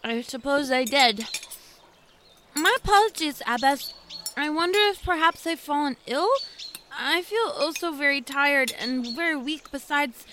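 A woman's voice: high-pitched, expressive, measured pace, bright, forceful tone, a little hiss or hum, full character voice. An actress playing a polite, formal young nun speaking to her abbess. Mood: dazed.

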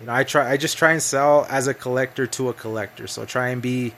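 Brief: man, podcast host, earnest explainer, mid-pitched everyday voice. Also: fairly even intonation, brisk, fairly bright tone. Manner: earnest, explains at length, acts out customers. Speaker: podcast host, collectibles seller. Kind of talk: casual chat.

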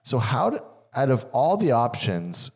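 A man's voice: medium pitch, wildly swooping pitch, measured pace, darkish tone, breathy edge. A young adult man hosting a podcast, talking enthusiastically and rambling a little as he chats with his guest. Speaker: podcast host. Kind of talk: casual podcast interview.

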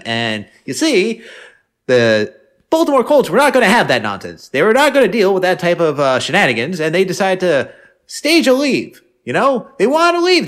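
A man's voice: high-pitched, fairly bright tone, voice pushed up. A man putting on the voice of a folksy old-timer telling a tall tale with exaggerated, rising inflection.

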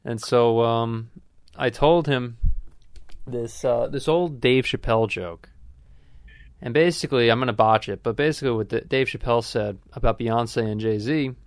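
A man's voice: mid-range voice, moderate pace, no echo, clean studio sound. A young man hosting a casual chat, rambling and joking with frequent swearing and restarts. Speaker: host.

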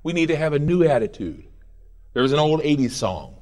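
A middle-aged man preaching in a church with a lively, swooping voice. He is animated and playful, slipping in quoted voices and snatches of song between his points. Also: on the high side, brisk. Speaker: pastor. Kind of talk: sermon. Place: church sanctuary.

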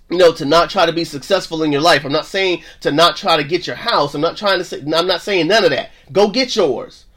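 Man preacher, casual and emphatic, a little high-pitched, loops back on his words. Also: a bit bright. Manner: emphatic, repetitive, colloquial, with restarts. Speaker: podcast host and preacher.

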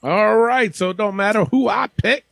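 A man's voice: high voice, normal speed, creaky, a bit bright, no room sound. A man hosting a wrestling podcast in casual, profane banter, laughing often. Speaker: podcast host. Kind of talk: casual chat.

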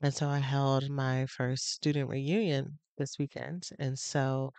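Woman podcast host, coaching background, heartfelt and pausing, dry close mic. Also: rumbling low, fairly even intonation, darkish tone, dry recording. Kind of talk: casual personal podcast talk. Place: on location on a trip.

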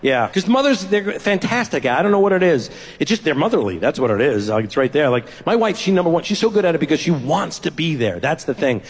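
Brief: male stand-up comedian, fairly high pitch, self-deprecating storyteller, reverberant live venue. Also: sing-song, fast talker, few pauses. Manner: self-deprecating storytelling, acts out family dialogue. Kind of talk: stand-up routine.

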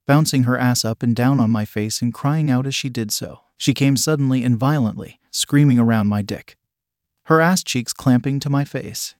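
Male narrator, mid pitch, steady story reading, dry close mic. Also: dry recording. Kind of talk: first-person fiction narration.

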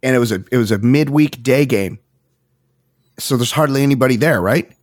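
Middle-aged guy on a podcast, chatty, gets worked up telling a story, mid pitch. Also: a little fast. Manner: animated storyteller, acts out quotes. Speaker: podcast co-host. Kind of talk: casual chat.

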